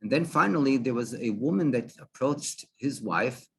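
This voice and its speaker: A man, a rabbi, telling a story in a halting way, with many restarts and fillers. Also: medium pitch, expressive, creaky, fairly bright tone, a little hiss or hum. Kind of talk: storytelling talk.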